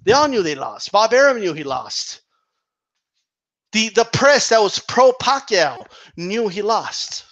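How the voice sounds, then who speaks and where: A man's voice: high voice, sing-song, slow pace, fairly bright tone, muffled recording. A man ranting about boxing in a heated, casual monologue, swearing and repeating himself for emphasis. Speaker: boxing commentator.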